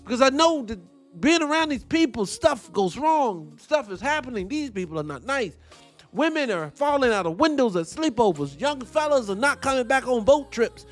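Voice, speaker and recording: A man's voice: very high voice, moderate pace, soft background music. A man hosting a livestream, ranting heatedly and swearing as he reacts to a debate. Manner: animated, ranting, swearing, mocking voices. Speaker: livestream host. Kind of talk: heated live-stream commentary.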